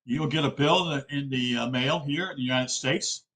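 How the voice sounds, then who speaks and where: A man's voice: medium pitch, moderate pace, a bit bright, rough recording. A man from South Carolina giving an informal, earnest spoken lecture, often checking in with his listeners. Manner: earnest, addresses listeners as folks, frequent okay checks.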